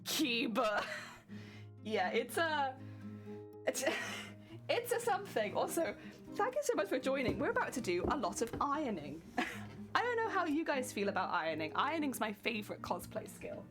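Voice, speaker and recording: Late in a crafting live stream, a young British cosplay streamer chats casually with her viewers at a medium pitch, sounding slightly sleepy and laughing a lot. She's giggly and talkative, thanking people by name, with wide pitch swings, a moderate pace and frequent pauses. Plucked guitar music is clearly audible beneath her.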